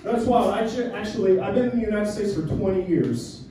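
This is a stand-up comedian from Colombia, a man in his twenties, firing off crude, brash jokes at the audience in a small black-box theater. He talks a little fast in a high-pitched voice. Captured from far away in an echoing room, the crowd comes through loudly.

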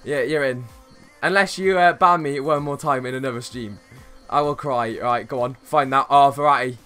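A young man streaming a football game, chatting casually with viewers and reacting to plays with bursts of excitement. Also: mid-range voice, moderate pace, clear, resonant tone, faint music behind. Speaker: gaming streamer. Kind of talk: casual live-stream chat while playing.

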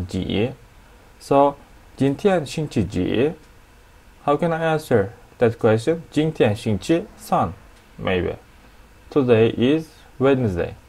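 A man with a Turkish accent teaching a language lesson at a whiteboard, explaining slowly and repeating each new word. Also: medium pitch, a little mellow.

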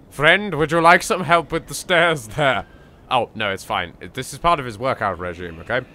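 A young English man commenting on his own gameplay with theatrical jokes, dropping to hushed asides and bursting into loud yelps. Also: mid-range voice, measured pace, pauses often, a little hiss or hum. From England. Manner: theatrical, jokey, swings between hushed asides and loud outbursts. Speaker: let's play host. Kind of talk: game commentary.

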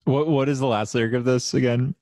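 A man's voice: mid-range voice, fairly even intonation, fast, a little mellow, dry recording. A young man co-hosting a podcast, telling stories in a laid-back, casual way with laughter. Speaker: podcast co-host. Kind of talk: casual chat.

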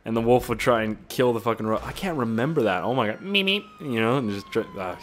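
A man talking over his gameplay in a loose, rambling way. He swears freely and gets excitable, his voice at an ordinary middle pitch with faint noise underneath. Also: quick pace. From Canada. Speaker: gaming YouTuber. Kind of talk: casual gameplay commentary.

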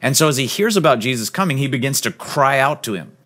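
A man preaching a sermon as pastor, earnest and emphatic, sometimes dropping to a soft, low voice. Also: expressive, fast talker. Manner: drops to a soft, low voice on key points.

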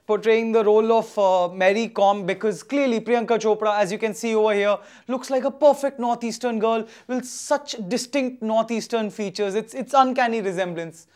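A man's voice: high-pitched, moderate pace, hardly any pauses, a little mellow, smooth. A man with an Indian English accent reviewing a film with sarcastic jokes, hesitating with fillers and slipping into Hindi. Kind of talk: comic film review chat.

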